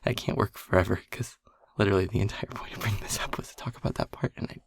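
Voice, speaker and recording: Guy playing a jittery air elemental dude, stutters a ton, gravelly husky low-key voice, dry close sound. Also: steady tone, whispered. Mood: nervous rambling. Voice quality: stammering, halting, repeats words. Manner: anxious, rambling, soft and hushed. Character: nervous shy male air elemental, young adult. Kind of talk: audio role-play confession.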